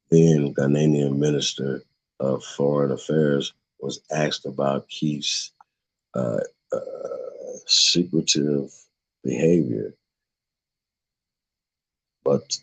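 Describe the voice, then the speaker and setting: Gravelly deep-voiced man reading aloud. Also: a little mellow. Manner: profane, jokey, stumbles and breaks into laughter while reading. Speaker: livestream show host. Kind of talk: casual commentary while reading aloud.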